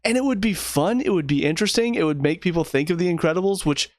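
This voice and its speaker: A man's voice: high-pitched, fast, no echo, clean studio sound. A man giving a casual spoken review of a TV show in a sarcastic, rambling way, often restarting his sentences.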